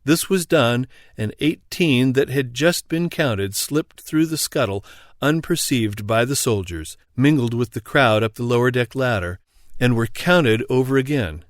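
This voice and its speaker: A man narrating an audiobook in a steady, even storytelling read. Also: medium pitch, a little slow, no room sound, studio quality. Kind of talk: scripted narration.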